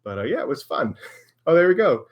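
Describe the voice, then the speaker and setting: A man's voice: on the high side, very animated, brisk, highs cut off. An American man hosting a live stream, answering viewer questions in a chatty, self-deprecating way and laughing often. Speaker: maker and live stream host.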